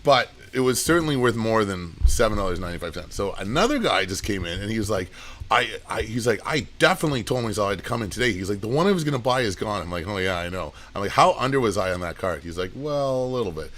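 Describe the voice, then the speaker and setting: A man's voice: lowish voice, expressive, a bit bright. Rambling man running a comic auction. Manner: rambling storyteller, quick asides. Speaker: comic shop owner and auctioneer. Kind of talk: casual live auction chat.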